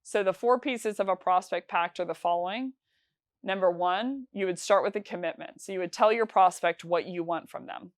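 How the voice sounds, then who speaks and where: A woman's voice: on the low side, normal speed, no echo. A woman teaching sales calls in a conversational, instructional talk, with frequent fillers and restarts. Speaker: sales trainer.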